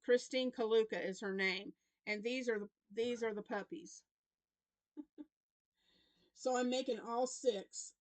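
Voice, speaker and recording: A woman's voice: a little high, slow pace, long pauses, no echo. A grandmother in her fifties with a Southern American accent, chatting to camera about her week in a rambling, restarting way. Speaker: crochet vlogger. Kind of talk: casual chat to camera.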